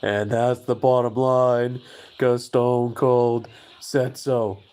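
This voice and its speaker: A man putting on a gruff, swaggering male wrestler, talking tough in a slow, loud drawl. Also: medium pitch, flat delivery, lightly acted.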